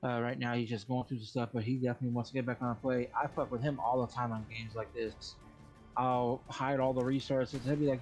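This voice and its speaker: A man's voice: fairly quick, soft background music. A man hosting a game stream, telling stories in casual chat, swearing freely and mimicking other people. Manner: animated storytelling, swearing, mimics others in high voices. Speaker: streamer host.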